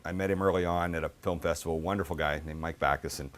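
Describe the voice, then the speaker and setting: A middle-aged man giving a book talk, telling casual, animated anecdotes with lots of fillers. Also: deep voice, fast talker, a little hiss or hum. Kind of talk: storytelling talk.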